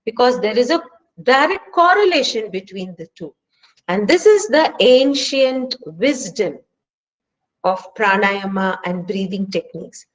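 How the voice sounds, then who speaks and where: A woman's voice: medium pitch, lively intonation, measured pace, low-quality recording. A woman with an Indian English accent leading a stress management workshop and speaking earnestly, with emphatic rhetorical questions. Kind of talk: online workshop lecture. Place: home, speaking remotely.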